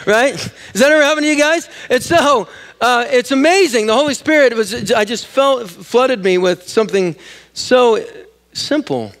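A man preaching a sermon as pastor, animated and jokey, asking the congregation questions and acting out voices in quotes. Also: very high voice, normal speed. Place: church sanctuary.

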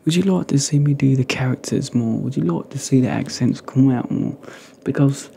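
Man, ASMR host, mellow gravelly whisper, playful and rambling, close-miked. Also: mid-range voice, moderate pace, a little hiss or hum. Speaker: ASMR creator.

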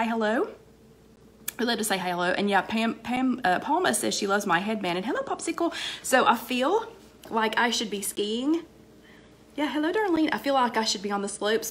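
A woman's voice: a little high, a bit bright, a little hiss or hum. Chatty woman greeting live viewers. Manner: chatty, rambling, greets viewers by name between sentences; many fillers and repeated phrases. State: slightly hoarse with a cold, coughing. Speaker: vlogger hosting a live online chat. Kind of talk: casual live-stream chat greeting viewers.

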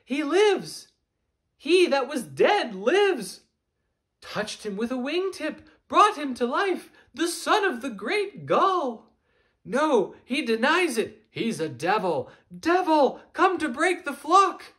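A man reading aloud and voicing a frenzied mob of seagulls, shouting in a high, loud voice. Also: sing-song, takes it slowly, full character voice.

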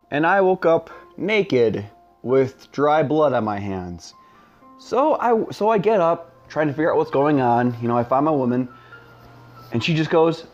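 A man's voice: a little high, darkish tone, lo-fi sound. A man in his twenties telling a funny story in a casual, rambling, self-mocking way, full of fillers. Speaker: storyteller, channel host.

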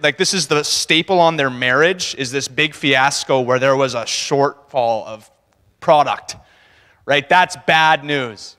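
A man preaches in a loose, chatty way, laughing now and then and slipping into little voices for the people in his story. His voice sits at an ordinary middle pitch. A long church-hall reverb trails behind every word. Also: measured pace, sharp tone. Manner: conversational, laughing, acts out quotes. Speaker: church speaker. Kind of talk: casual sermon talk. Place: church sanctuary.

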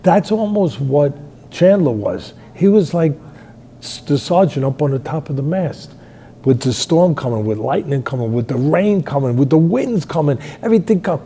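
An older man, hosting a fight talk show, telling stories in a rambling way and shouting out quoted lines. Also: a little high, lively intonation, normal speed, slight background noise. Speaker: boxing trainer and show host. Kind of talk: animated fight analysis chat.

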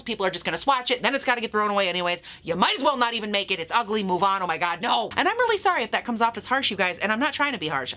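A woman's voice: mid-range voice, pushed and bright. A young woman reviewing makeup in a casual vlog, gushing and sassy, calling her viewers "honey". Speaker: beauty YouTuber. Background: lawnmower noise outside.

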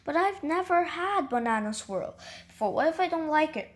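A woman's voice: high-pitched, animated, moderate pace, voice pushed up. A woman voicing a mild, good-natured father tiger in a read-aloud storybook. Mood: unsure.

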